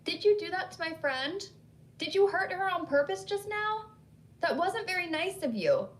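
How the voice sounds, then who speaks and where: A woman voicing an earnest female medium who gently pleads with a spirit. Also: high-pitched, unhurried, voice pushed up. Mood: indignant. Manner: gentle, pleading, grows indignant.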